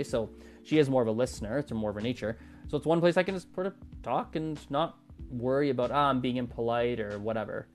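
A man hosting an improvised solo podcast, thinking aloud and often correcting himself mid-sentence. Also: medium pitch. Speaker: podcast host.

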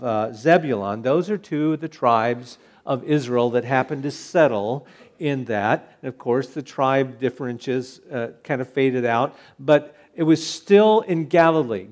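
A man, a pastor, preaching a conversational Bible sermon with frequent restarts. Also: medium pitch.

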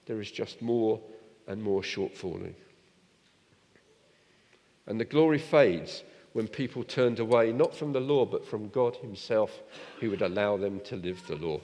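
A man preaching a sermon in a church, lively and direct, asking his congregation rhetorical questions. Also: lowish voice, a little slow, long pauses, long reverb tail.

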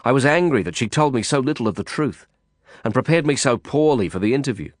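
Lively male audiobook narrator, dry studio. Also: mid-range voice, quick pace, no echo. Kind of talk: first-person audiobook narration.

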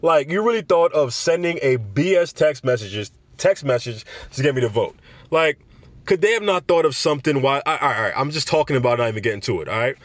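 A young man from Florida talking in casual commentary, an animated storyteller who laughs often and repeats himself. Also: mid-range voice, fairly quick, dry recording. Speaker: vlogger.

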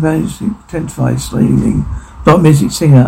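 A man reading out a video's on-screen captions, moving in a flat, running way between spoken lines and sound cues. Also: on the high side, normal speed, creaky, a little hiss or hum, low-quality recording. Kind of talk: reading out captions and dialogue aloud.

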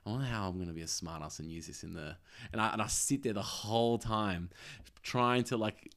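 A man with a lowish voice, talking in a relaxed, rambling way. He jokes around and slips into quick impressions while telling stories. Casual podcast chat. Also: gravelly. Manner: rambling, jokey, acts out scenes in quick voices.

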